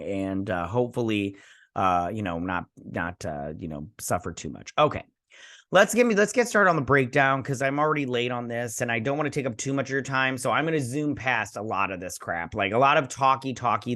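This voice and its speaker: A man in his young adult years talks through a TV episode breakdown in a loose, rambling way, stumbling over fillers and restarts as his frustration shows. His voice sits at an ordinary middle pitch for a man. The recording is dry, with almost no room sound around him. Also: a bit bright, no echo. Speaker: TV review channel host. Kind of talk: casual rambling episode review.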